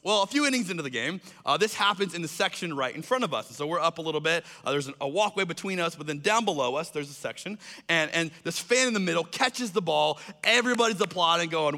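A man telling a funny personal story to an audience and acting out the people in it. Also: on the high side. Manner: animated, acts out other people's lines in raised voices. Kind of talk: storytelling talk. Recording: long hall reverb.

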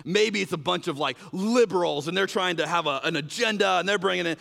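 A pastor preaches a sermon in a high-pitched, slightly fast voice with vocal fry and a long reverb tail. He's animated and conversational, leaning on fillers like "like" and "you know" while acting out quoted exchanges in shifting voices.

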